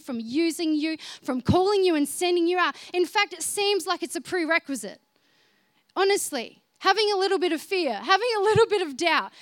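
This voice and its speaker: A woman preaching a sermon in an earnest way, swinging between soft, quiet passages and emphatic ones. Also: extremely high pitch, dry recording, clean studio sound.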